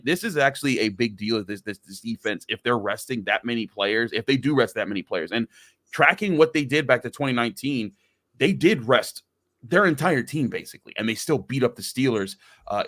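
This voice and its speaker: A man's voice: medium pitch, fairly bright tone, no echo. A man hosting a sports podcast, talking conversationally with frequent stammered restarts. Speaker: podcast host. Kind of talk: casual sports podcast chat.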